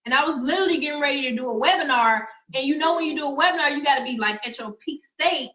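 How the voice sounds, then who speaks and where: A woman trainer giving an energetic, chatty sales presentation to her audience, speaking. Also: high voice, quick pace, echoey room, lo-fi sound. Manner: energetic, chatty, addresses audience as y'all and guys. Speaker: online business trainer.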